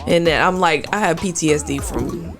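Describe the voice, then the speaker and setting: A woman's voice: sits low, normal speed, music in the background. A woman co-hosting a comedy podcast, talking frankly and easily, with casual swearing. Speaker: podcast co-host.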